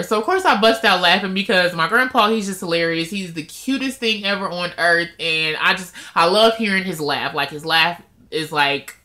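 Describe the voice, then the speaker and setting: A woman's voice: lowish voice, moderate pace, few pauses. A woman vlogger chatting casually and emotionally straight to her viewers about her weight-loss progress. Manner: emotional and openly expressive, talks straight to viewers. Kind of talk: casual vlog chat.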